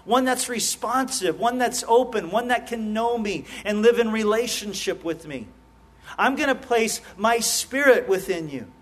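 A middle-aged man preaching a sermon as a pastor, earnest and often restarting his words in quick repetitions. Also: high voice, animated, a bit bright.

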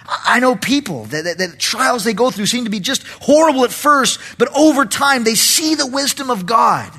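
A man's voice: extremely high pitch, lively intonation, normal speed, sharp tone, breathy edge. A male pastor preaching an expository Bible study, animatedly breaking into dramatic voices for the characters.

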